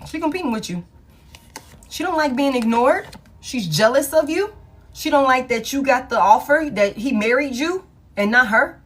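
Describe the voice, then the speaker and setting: A woman's voice: high voice, expressive, moderate pace, fairly bright tone. A woman giving a live tarot reading to a caller, talking casually and emphatically, repeating her points and swearing freely. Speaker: tarot reader.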